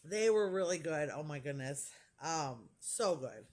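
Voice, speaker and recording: A woman's voice: low-pitched, lively intonation, unhurried, darkish tone. A woman in her forties telling a rambling, gushing story in casual vlog chat, full of fillers. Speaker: crafting vlogger.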